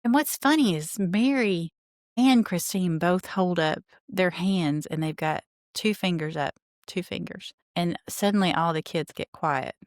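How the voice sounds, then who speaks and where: A woman's voice: on the low side, unhurried, no echo, studio quality. A woman hosting a podcast, recapping a reality show in a blunt, sarcastic way and swearing casually. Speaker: podcast host.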